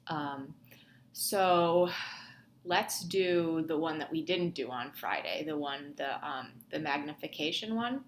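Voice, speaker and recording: A woman's voice: sits low, slow, slight background noise. A young woman instructor talking through a lab tutorial casually, thinking aloud with many ums and restarts. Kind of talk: screen-recorded lab tutorial.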